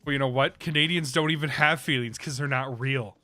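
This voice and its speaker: Sarcastic rambling Midwestern streamer. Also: male voice, medium pitch, steady tone, a little fast, sharp tone, no echo, faint music behind. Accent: Midwestern American. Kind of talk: casual gaming stream chat.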